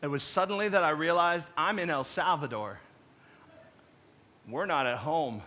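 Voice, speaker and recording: A man preaching a sermon in a conversational storytelling way, dropping to quiet dramatic moments. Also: fairly high pitch, moderate pace. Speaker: pastor.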